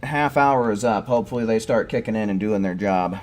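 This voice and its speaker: A man's voice: lowish voice, brisk, a little mellow, soft background music. A man giving casual, rambling commentary while playing a video game, with occasional swearing outbursts. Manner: chatty, rambling, profane outbursts. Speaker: gaming streamer.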